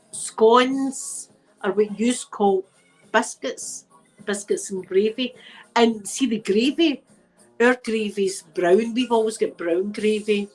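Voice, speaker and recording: A woman's voice: a little high, low-quality recording. A Scottish woman hosting a casual livestream from home, chatting with viewers in a rambling, laughing way, with a blocked nose. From Scotland. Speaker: ASMR channel host. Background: faint music playing.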